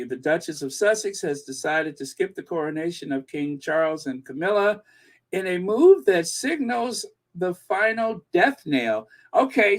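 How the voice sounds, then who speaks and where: A man hosting a royal news channel, reading viewer comments in a rambling, self-amused casual chat. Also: a little high.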